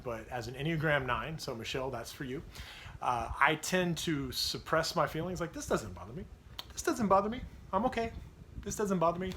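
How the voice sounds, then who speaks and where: A man's voice: medium pitch, fairly bright tone, slight background noise. A man in his thirties, a pastor giving a devotional talk on parenting, telling a personal story in an earnest, confessional way.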